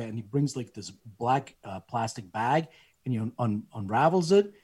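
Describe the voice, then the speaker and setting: A middle-aged man casually telling a family story, animated and acting out the voices of people he quotes. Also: normal speed, husky. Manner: animated, acts out quoted voices with rising pitch.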